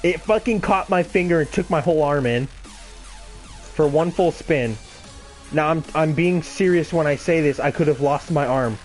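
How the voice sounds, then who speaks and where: Over soft background music, a man in his 20s who hosts a gaming channel speaks at a moderate pace in a slightly high voice. He tells a rambling, casual story full of swearing, laughing at himself along the way.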